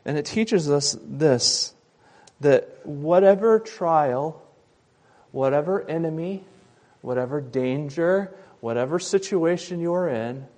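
A man preaching a sermon, retelling a Bible story, loud and emphatic in some passages and quiet and soft in others. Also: on the high side. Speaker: pastor.

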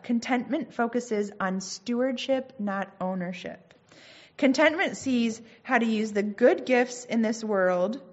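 In a fairly high voice and lo-fi sound, a woman teaches on Christian themes with earnest, conversational warmth. She reads passages of scripture aloud and slips in offhand remarks between her points.

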